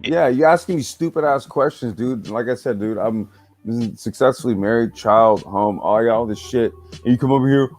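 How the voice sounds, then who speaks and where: A man's voice: medium pitch, moderate pace, a little mellow, soft background music. A man hosting a casual podcast chat, ranting with exasperation and a lot of profanity. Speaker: podcast host.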